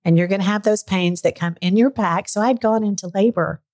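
A woman's voice: mid-range voice, a little fast, a little mellow. A middle-aged woman telling a personal story in a candid, chatty way, sometimes getting emotional. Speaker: podcast guest. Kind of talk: casual storytelling chat.

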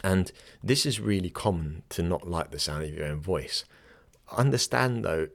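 A young podcast host and yoga teacher talks casually in a low, gravelly, animated voice at normal speed. He's chatty, often restarts his sentences to correct himself, and laughs easily.

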